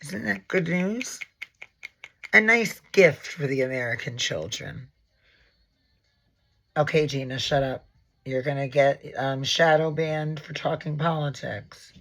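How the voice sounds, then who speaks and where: A man in his forties talks through his makeup routine in an unhurried, gravelly voice. He is sassy and theatrical, trailing off into asides and cursing casually. He sounds like a seasoned makeup educator chatting to his viewers. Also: fairly high pitch, sharp tone. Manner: sassy, dramatic, rambling, full of asides and swearing. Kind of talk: casual makeup tutorial vlog.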